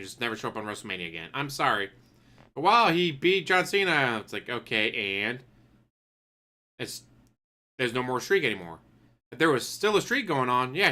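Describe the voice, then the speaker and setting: A man streaming, ranting in a loose, profane way with a bright, forward tone. He breaks off to act out what people might say in put-on voices, his pitch sitting in an ordinary middle range. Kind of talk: casual ranting commentary.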